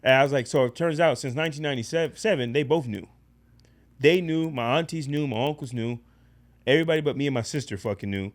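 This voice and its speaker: A man's voice: mid-range voice, fast talker. Blunt, profane man telling a story. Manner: profane, blunt, animated retelling. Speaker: podcast guest. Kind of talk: casual storytelling.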